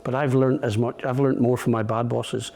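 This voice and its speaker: Middle-aged british guy, calm and steady, explains stuff patiently, medium pitch. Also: moderate pace, gravelly. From Britain. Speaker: guest, veteran and trainer. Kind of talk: casual interview.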